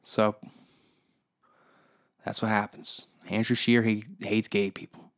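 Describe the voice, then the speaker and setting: A man's voice: on the low side, level tone, slow, a bit bright. A man from Canada, hosting a comedy podcast with a crude, profane, rambling rant. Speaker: podcast host.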